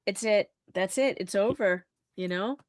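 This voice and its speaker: Female co-host, sarcastic and deadpan, medium voice, dry recording. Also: mid-range voice, a little slow, dry recording. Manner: dry, sarcastic, mock news-anchor delivery. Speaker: guest co-host. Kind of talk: casual live-stream chat.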